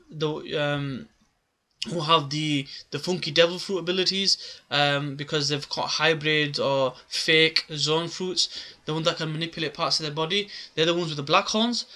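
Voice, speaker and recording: A man's voice: a little high, bright, forceful tone. A man giving a casual, rambling recap of a comic chapter, with many filler words. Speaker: manga reviewer.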